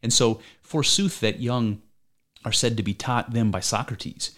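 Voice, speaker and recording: Older male philosopher on trial, man reading, argumentative and probing, mid-pitched, amateur read. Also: a little slow, fairly bright tone, lightly acted. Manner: argumentative, probing rhetorical questions. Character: aging male philosopher defending himself in court.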